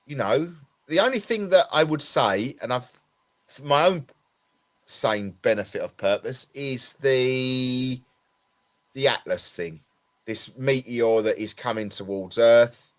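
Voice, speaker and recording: Tired, rambling man from Essex. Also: mid-range voice. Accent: Essex English. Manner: rambling, halting, many restarts. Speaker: podcast co-host. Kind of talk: casual conversation.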